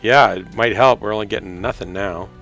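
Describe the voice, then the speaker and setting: A man's voice: lowish voice, a little fast, vocal fry, a bit bright, muffled recording, soft background music. A man hosting a casual gaming live stream, bantering and joking with friends over voice chat. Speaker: streamer host.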